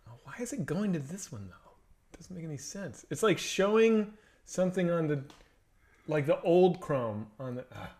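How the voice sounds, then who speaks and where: A man's voice: on the high side, lively intonation, moderate pace, darkish tone. A man co-hosting a comedy stream, chatting casually and telling a funny story with lots of animation. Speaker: comedy show co-host.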